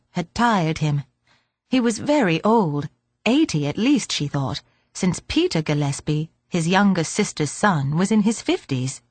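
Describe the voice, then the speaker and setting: A woman narrating an audiobook in a gentle, measured storytelling manner. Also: on the low side, no echo. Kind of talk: scripted narration.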